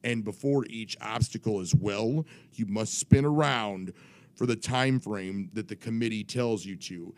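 Male podcast co-host, low voice, animated and profane storytelling. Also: unhurried, no echo. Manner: animated, profane, many restarts. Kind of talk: casual storytelling.

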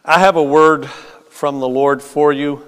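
A man preaching as a pastor, telling a story in a slow, measured way with hesitant fillers. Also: on the high side, flat delivery, fairly bright tone, smooth. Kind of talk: sermon with storytelling. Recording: long hall reverb.

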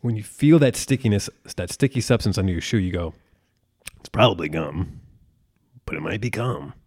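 A man's voice: deep voice, animated, normal speed, darkish tone, no room sound, clean studio sound. A man in his thirties co-hosting a podcast in casual chat, crude and joking, slipping into goofy impressions. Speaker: podcast co-host.

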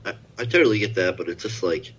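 A man's voice: deep voice, animated, fast, fairly bright tone, husky, highs cut off. A man co-hosting a casual sports podcast, rambling and hedging his points. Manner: rambling, hedging, many "like" and "I feel like". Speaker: podcast co-host.

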